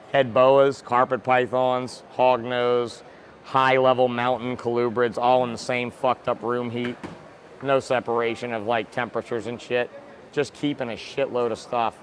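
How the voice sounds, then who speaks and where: Man, reptile breeder guest, blunt, profane, excitable, casual chat, faint outdoor noise. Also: medium pitch.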